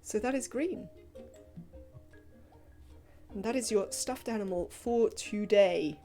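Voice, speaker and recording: A woman chatting casually while livestreaming a video game, rambling and filling pauses with "um" and "uh". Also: mid-range voice, dark tone, faint music behind. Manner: rambling, chatty, frequent fillers. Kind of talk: casual live gameplay commentary.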